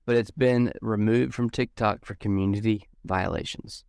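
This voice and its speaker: A low, gravelly man talking casually on a video call, circling and restarting as he goes. His voice is close and dry, with no room sound around it. He keeps the tone of a relaxed group chat among friends. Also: normal speed, no room sound. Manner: rambling, restarts a lot while reading. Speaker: podcast co-host.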